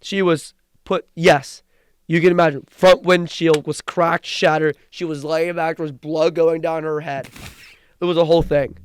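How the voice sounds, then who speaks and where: A young man co-hosting a podcast, recapping wrestling in an excited, rambling way with frequent restarts. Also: a little high, normal speed, clear, resonant tone. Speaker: podcast co-host. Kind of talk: casual chat.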